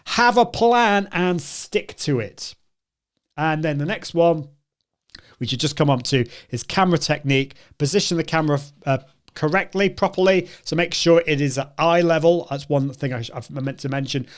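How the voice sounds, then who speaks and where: A man's voice: fairly high pitch, normal speed. A man hosting a live video show, talking chattily to his viewers, often correcting himself and laughing. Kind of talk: live-stream talk to viewers.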